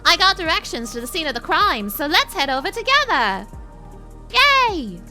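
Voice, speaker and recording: A woman's voice: very high-pitched, very animated, moderate pace, sharp tone, faint music behind. A woman streaming a game, chatting casually with her viewers and laughing often. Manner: giggly, chatty, talks to chat. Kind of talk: casual game livestream chat.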